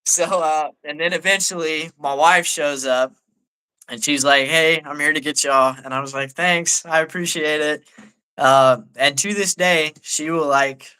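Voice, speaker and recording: A man's voice: fairly high pitch, steady tone, unhurried, sharp tone, clean tone. A man, an army staff sergeant, telling a story in a laid-back way as a guest on a live talk show, with lots of "like". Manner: laid-back, peppers speech with "like".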